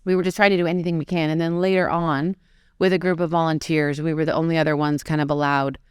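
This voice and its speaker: A woman's voice: low voice, little pitch movement, fast talker, clear, resonant tone, no room sound, studio quality. A woman in her forties, a fashion designer being interviewed, telling her story in a candid, conversational way.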